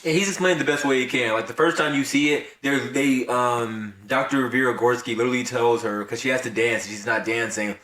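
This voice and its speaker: A man co-hosts a relaxed film podcast, dropping dry, wry quips and the odd curse. He sits a little away from the microphone. The room around him is echoey. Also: mid-range voice, fairly quick, few pauses. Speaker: podcast co-host. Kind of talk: casual film discussion. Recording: echoey room, distant from the mic.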